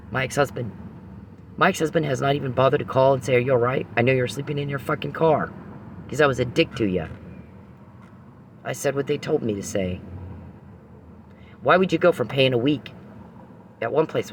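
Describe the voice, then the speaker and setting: A man's voice: mid-range voice, a little hiss or hum. A man hosting a podcast, ranting angrily and profanely straight at an adversary. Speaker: podcast host. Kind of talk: angry monologue.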